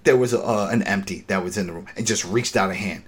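Man, fairly low voice, casual episode recap, animated and exasperated, swears, acts out scenes. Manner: acts out character lines in quick impressions.

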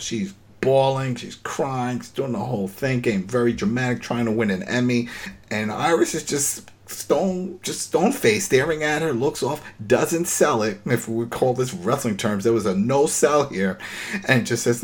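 A man hosting a laid-back recap chat, riffing freely and jumping up into incredulous outbursts. His voice sits at an ordinary middle pitch. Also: moderate pace. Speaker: podcast host.

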